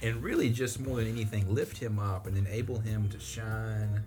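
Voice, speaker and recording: A man's voice: on the low side, moderate pace, music in the background. A man co-hosting a podcast in casual chat, joking with mock-earnest sincerity. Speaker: podcast co-host.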